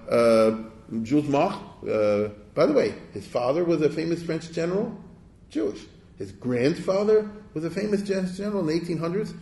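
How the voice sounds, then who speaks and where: A man's voice: fairly high pitch, warm tone. Digressive man lecturing in an echoey hall. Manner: conversational, with rhetorical check-ins; digressive, with restarts. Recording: echoey room.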